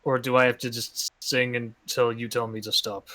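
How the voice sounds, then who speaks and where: A tabletop role-playing player speaking casually and hesitantly, with many pauses. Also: mid-range voice, level tone, bright, forceful tone.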